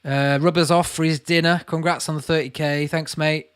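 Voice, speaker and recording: A man's voice: fairly high pitch, flat delivery, normal speed, clear, resonant tone. A man in his late thirties with a Lancashire accent, chatting casually on a livestream, reading viewer comments aloud and calling people mate. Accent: Lancashire English. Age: late 30s. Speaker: channel host answering live chat.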